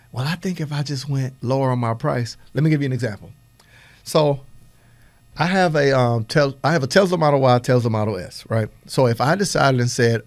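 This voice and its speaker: Energetic preacherly podcast host, man. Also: medium pitch, dry recording. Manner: energetic, preacherly, laughs often. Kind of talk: motivational business talk.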